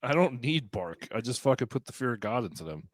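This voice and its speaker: A man co-hosting a podcast in casual chat, telling stories in an animated, profane way. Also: mid-range voice, fairly quick. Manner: animated, profane storytelling with laughs. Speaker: podcast co-host.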